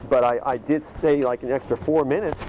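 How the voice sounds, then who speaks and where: Man, mid pitch, rambling with restarts, noisy outdoor clip. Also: fairly even intonation, a little fast, highs cut off. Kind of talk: recounting events in casual talk.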